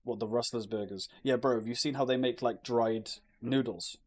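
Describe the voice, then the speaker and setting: On a laid-back live stream, a young man with a British English accent banters with chat, keeps things loose and jokey, and curses freely. His mid-range voice is darkish, with fairly even intonation and a moderate pace.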